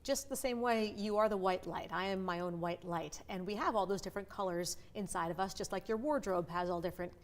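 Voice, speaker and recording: Middle-aged woman, voice coach, animated and expressive, easy conversational interview tone. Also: mid-range voice. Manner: animated, with quick vivid asides and playful voices. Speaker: voice and communication coach.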